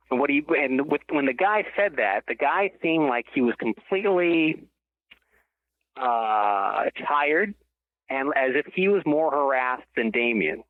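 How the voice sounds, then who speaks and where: A man's voice: medium pitch, expressive, a little slow, no echo. Man telling a rambling story over a phone line. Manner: rambling, self-correcting storyteller. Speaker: author and interview guest. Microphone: telephone. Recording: tinny dry phone line.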